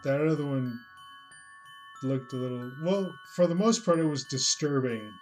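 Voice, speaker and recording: A man's voice: mid-range voice, moderate pace, soft background music. A man streaming himself as he watches a scare video, commenting in a dry, unimpressed, mocking way. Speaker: livestreamer reacting to a video. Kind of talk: casual reaction commentary.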